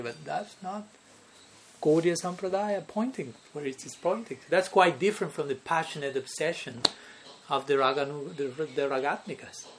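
This spiritual teacher's fairly high voice has a breathy edge as he gives a devotional lecture. He chuckles often between points and repeatedly asks his audience "no?" and "okay?"

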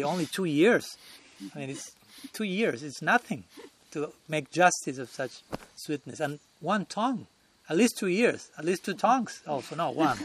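A man giving a devotional lecture at a temple as a swami, chuckling often and talking conversationally while searching for words. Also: fairly high pitch.

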